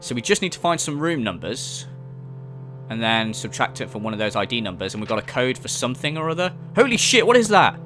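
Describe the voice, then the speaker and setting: A man's voice: mid-range voice, expressive, fairly quick, fairly bright tone, faint music behind. A young man giving jokey, sarcastic let's-play commentary, swearing casually as he explores. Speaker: gaming YouTuber.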